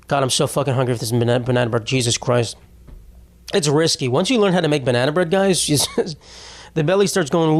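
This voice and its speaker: A man's voice: mid-range voice, rapid-fire. A young man hosting his own podcast, rambling through a casual comedic solo rant, swearing freely and cutting himself off mid-thought. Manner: rambling, jokey, swears freely, self-interrupting. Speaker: podcast host.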